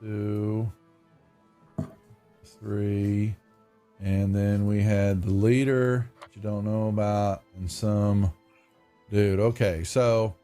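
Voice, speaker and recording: A man's voice: fairly low pitch, dark tone, clean tone. A man running a tabletop game online as game master, narrating casually and often breaking off mid-sentence. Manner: rambling, self-interrupting, casual.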